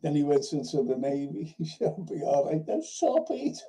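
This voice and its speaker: A man's voice: a little high, fairly even intonation, moderate pace, dark tone, low-quality recording. A man hosting a film and TV review livestream, telling rambling anecdotes in casual chat, swearing now and then and often restarting his sentences. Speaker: host of a film and TV review show.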